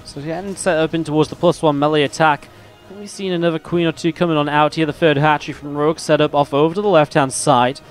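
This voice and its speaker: A man's voice: a little high, steady tone, quick pace, soft background music. A man casting a video game match solo, chatting with his stream chat in a rambling, laid-back way between play-by-play calls. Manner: rambling, chatty, laughs at own stories. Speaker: esports caster and streamer.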